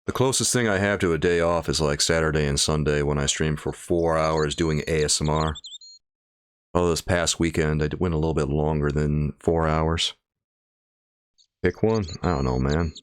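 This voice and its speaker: A man's voice: very deep voice, normal speed, pauses often, clear, resonant tone. A man streaming a game late at night, tired, chatting and joking casually with his viewers. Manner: joking banter with chat, playful mock voices. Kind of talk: casual livestream commentary.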